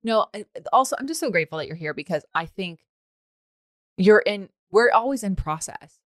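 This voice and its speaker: A woman's voice: medium pitch, expressive, moderate pace, dry recording, studio quality. A woman hosting a podcast, chatting casually with a guest, laughing often and swearing freely. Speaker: podcast host. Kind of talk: casual chat.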